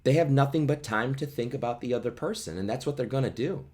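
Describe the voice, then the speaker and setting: A man hosting a podcast, explaining a play in a chatty, animated way full of asides. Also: mid-range voice, fast. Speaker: podcast host.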